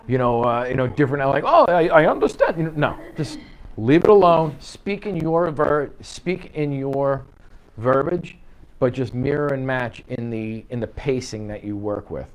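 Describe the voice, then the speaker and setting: Energetic man coaching a sales team. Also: mid-range voice. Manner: energetic, coaching, acts out client exchanges. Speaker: real estate sales trainer. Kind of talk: live sales training talk. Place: office meeting room.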